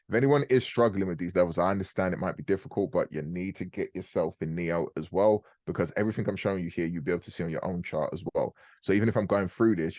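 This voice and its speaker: A young man hosting a live trading call, explaining chart setups in a fast, casual, slangy way. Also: sits low, a little mellow, no room sound, studio quality. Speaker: forex trading host.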